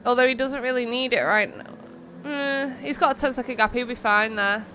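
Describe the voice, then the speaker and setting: Bright-voiced woman commentating. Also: fairly high pitch, normal speed, slight background noise. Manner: chatty, rambling, reads chat aloud. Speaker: streamer and race host. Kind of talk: live-stream racing game commentary.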